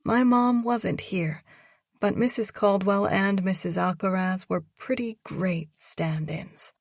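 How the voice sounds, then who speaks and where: Slow, breathy woman narrating romance. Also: mid-range voice, no echo, studio quality. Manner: slow, measured reading. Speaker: audiobook narrator.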